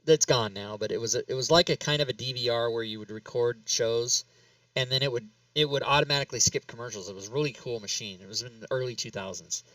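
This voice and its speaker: Bright-voiced man hosting, mic a bit distant. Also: mid-range voice, fast talker, no room sound. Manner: rambling, laughs often, talks himself through steps. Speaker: talk show host. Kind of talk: casual chat while working in game software.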